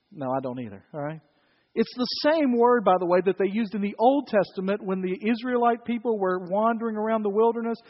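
A male pastor preaching a sermon in a conversational, storytelling way with wry humor. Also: high-pitched. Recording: dull, reverberant church recording.

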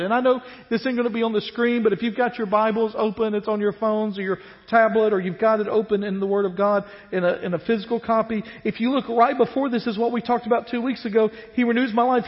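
A man preaching a sermon as pastor, animated and dropping to a hush at the ends of phrases. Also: sits high. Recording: dull reverberant church hall.

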